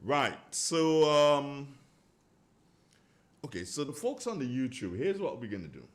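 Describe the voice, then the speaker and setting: A man's voice: medium pitch, sing-song, unhurried. A man hosting a live morning radio show from a studio, chatting casually and rambling as he reads out listener greetings.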